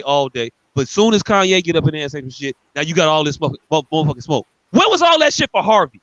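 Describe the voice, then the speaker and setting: A man's voice: fairly high pitch, fairly bright tone, dry recording, highs cut off. A man co-hosting a podcast, ranting angrily and profanely with lots of repetition. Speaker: podcast co-host. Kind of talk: heated podcast rant.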